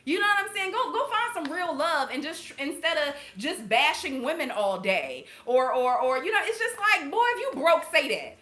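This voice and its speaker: Woman doing an intuitive reading, blunt and cussing, bright voice, echoey room. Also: high voice, normal speed, hardly any pauses. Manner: blunt and animated, swears freely, laughs often. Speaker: intuitive reader and channel host. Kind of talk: casual spiritual reading to viewers.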